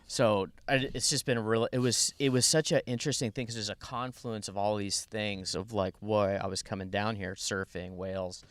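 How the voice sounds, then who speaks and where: A man appearing as a podcast guest, telling a long story in a rambling, animated way with many restarts. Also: lowish voice, moderate pace, hardly any pauses, smooth, no echo. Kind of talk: casual storytelling.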